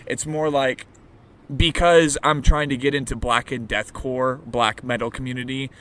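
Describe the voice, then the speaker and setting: Young male podcast host, mid-pitched voice, loose and rambling delivery, drops swear words, casual live-interview chat. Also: fairly even intonation, normal speed, fairly bright tone, slight background noise. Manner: rambling, swears freely, many fillers.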